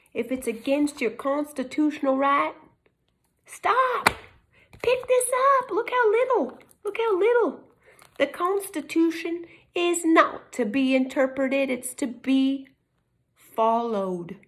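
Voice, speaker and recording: A woman with a Texas accent talks to the camera in a casual, preachy way. She leans hard on her points and sometimes leaps up into excited, high exclamations. Her voice sits a little on the high side. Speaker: vlogger speaking on constitutional rights. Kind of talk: casual chat.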